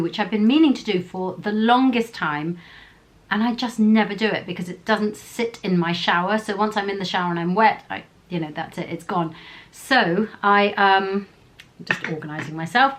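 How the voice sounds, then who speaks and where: A woman chatting to her camera in a loose, rambling vlog, stopping to correct herself as she goes. Her voice sits at an ordinary middle pitch and carries no strong quirks. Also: moderate pace. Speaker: beauty vlogger. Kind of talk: casual vlog chat to camera.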